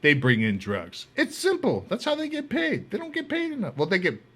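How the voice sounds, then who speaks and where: A man spins a casual story on his podcast, his pitch leaping all over as he acts out other people's lines. His voice is bright and sharp-edged, and he swears freely. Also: huge pitch swings, fairly quick. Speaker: podcast host.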